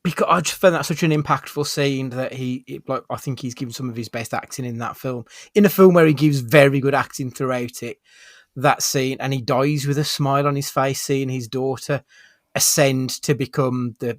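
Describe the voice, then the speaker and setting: A man's voice: medium pitch, steady tone, normal speed, no echo, clean studio sound. A man co-hosting a podcast in casual chat, enthusiastic and rambling, with casual swearing. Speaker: podcast co-host.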